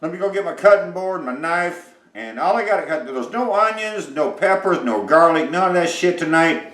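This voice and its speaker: A middle-aged man hosting a home cooking vlog, chatting in a rambling, folksy way, swearing freely and filling pauses with lots of uhs. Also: fairly high pitch, animated, a bit bright. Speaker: home cooking show host. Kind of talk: casual cooking vlog chat. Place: home kitchen. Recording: roomy echoey kitchen sound.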